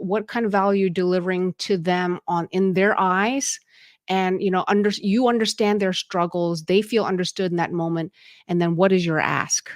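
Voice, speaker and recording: Woman podcast host coaching, lowish voice, chatty with lots of um and you know, dry sound. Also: no room sound. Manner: conversational, many fillers and restarts. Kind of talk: casual instructional talk.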